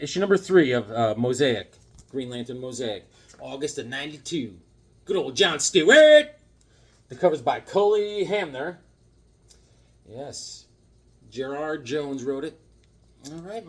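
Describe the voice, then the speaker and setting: A man's voice: mid-range voice, slightly rough. A man chatting casually in a comic haul vlog, laid-back and full of slang. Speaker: comic book collector.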